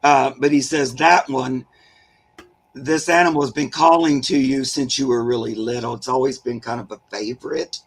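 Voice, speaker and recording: A man working as a spirit medium, chatting casually and telling animated stories. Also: mid-range voice, normal speed, a little hiss or hum, rough recording. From Southern California. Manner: chatty storyteller, warm and animated about animals. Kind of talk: casual chat.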